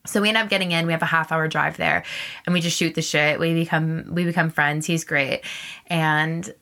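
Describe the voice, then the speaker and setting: A woman's voice: low-pitched, moderate pace, creaky. Candid young woman storyteller. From Canada. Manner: animated and candid, swears freely. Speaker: podcast host. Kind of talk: casual storytelling monologue.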